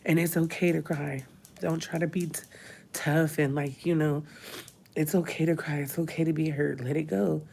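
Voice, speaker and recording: A woman's voice: deep voice, steady tone, moderate pace, gravelly, dark tone, slightly rough. A woman, crying as she talks openly in a personal vlog from a hospital room. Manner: tearful, talks through crying. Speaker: vlogger.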